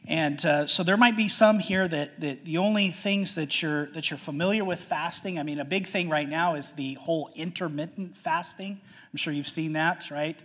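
A man preaching a sermon earnestly, repeating his points and swinging from loud emphasis to hushed low lines. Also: normal speed. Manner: earnest, repetitive, frequent restarts, swings between loud emphasis and hushed lows. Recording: muffled sound with long hall reverb.

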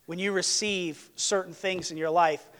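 A male pastor delivers a sermon with a passionate, emphatic drive. His voice sits high for a man. He swings from forceful outbursts to hushed, intimate asides. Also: fairly even intonation, moderate pace, clear, resonant tone.

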